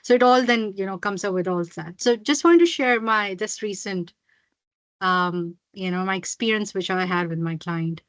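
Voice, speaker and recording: A woman's voice: medium pitch, moderate pace, no echo, rough recording. Hesitant woman sharing a case. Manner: hesitant, many fillers and restarts. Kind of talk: hesitant discussion.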